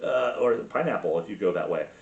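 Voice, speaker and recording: A man's voice: low voice, lively intonation, fairly quick, a little mellow. A man hosting a podcast, ranting crudely and sarcastically, full of swearing and filler words. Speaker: podcast host. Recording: roomy, distant, dull sound.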